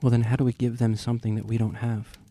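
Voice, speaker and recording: A man's voice: medium pitch, flat delivery, fast, mellow. A man taking part in a tabletop role-playing game, describing his character's actions. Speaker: player.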